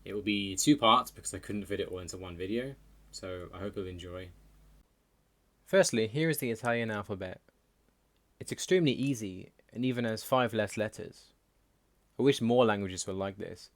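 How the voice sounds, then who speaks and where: A man hosting a language channel, reading a scripted explainer in a plain, measured way. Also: on the low side, no room sound. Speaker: language learning channel host.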